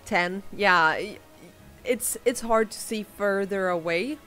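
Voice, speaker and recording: A woman narrating as game master of a tabletop game, halting and full of fillers, laughing often. Her pitch sits in the middle range. Faint music plays underneath. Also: a bit bright.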